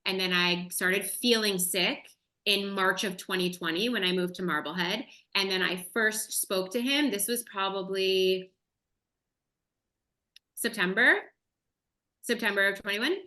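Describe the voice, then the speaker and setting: Bright-voiced woman telling her story. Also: mid-range voice, a little slow. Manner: candid, expressive storyteller. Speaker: podcast guest. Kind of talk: personal storytelling.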